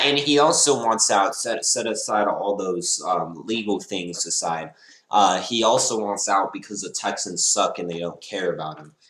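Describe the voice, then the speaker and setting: Low-voiced young man in an echoey room. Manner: excitable, rambling, laughs and sighs often. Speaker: fan reacting live to the draft. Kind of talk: casual live reaction commentary.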